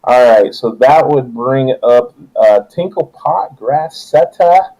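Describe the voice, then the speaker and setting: A man's voice: mid-range voice, expressive, slow, warm tone, rough recording. Laid-back young man running a tabletop game. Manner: laughing, joking, loose narration. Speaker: game master.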